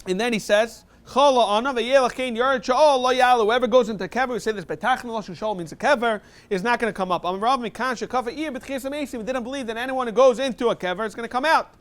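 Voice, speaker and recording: Rabbi type, high smooth male voice, reads text then explains it quick, class review. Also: a bit bright. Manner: quick mix of read Aramaic and plain English explanation. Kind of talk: talmud class review, reading and translating.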